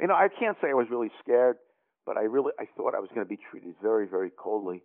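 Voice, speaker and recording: A man's voice: lowish voice, sing-song, fast talker. Older New York man on a phone line. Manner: rambling, hesitant, many fillers and restarts. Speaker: guest. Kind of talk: storytelling interview.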